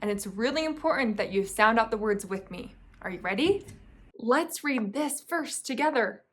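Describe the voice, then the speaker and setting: A woman teaching young children to read, sounding out each sound slowly and clearly and prompting them to join in. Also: fairly high pitch, lively intonation. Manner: slow, clearly sounded-out speech with encouraging prompts. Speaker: reading teacher. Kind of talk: phonics lesson for young children. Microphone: camera mic, teaching at a whiteboard.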